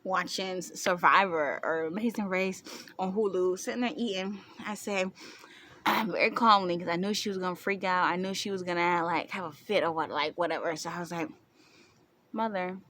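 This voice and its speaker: A woman's voice: lowish voice, steady tone, moderate pace, fairly bright tone, a little hiss or hum. A young woman vlogger casually telling a story to the camera, chatty, with frequent laughter. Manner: chatty, laughing often, many fillers.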